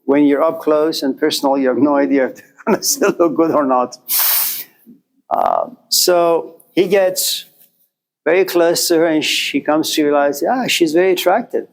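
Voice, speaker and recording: Male lecturer, fairly high voice, measured delivery with rhetorical questions. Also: big pitch swings, gravelly, rough recording. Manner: deliberate, asks rhetorical questions and answers them. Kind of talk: classroom lecture.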